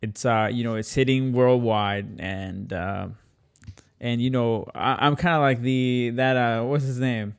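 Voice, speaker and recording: A man's voice: mid-range voice, fairly even intonation, a little slow, clean tone. Hesitant male podcast host. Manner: hesitant, many fillers and restarts. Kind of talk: casual chat.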